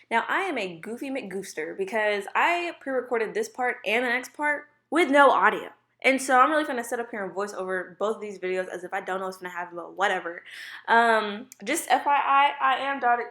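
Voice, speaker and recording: A woman's voice: on the high side, lively intonation, brisk, a bit bright, roomy sound. A young woman chatting over her game footage in a bubbly, gushing way, full of "like" and exclamations. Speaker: gaming YouTuber. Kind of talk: casual gameplay voice-over. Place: home room with dogs.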